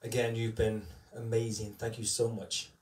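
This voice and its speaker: A man's voice: mid-range voice, monotone, moderate pace, a little mellow, roomy sound, far from the mic, slight background noise. A man working as an entertainer, chatting on a live stream in a heartfelt, rambling way with many fillers. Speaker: tribute entertainer. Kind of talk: casual chat on a live stream.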